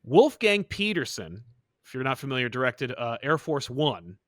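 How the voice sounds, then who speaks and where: A man co-hosting a casual comic-book podcast, telling the story of a film project in an animated, joking way. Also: mid-range voice, normal speed, no room sound, clean studio sound. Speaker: podcast co-host.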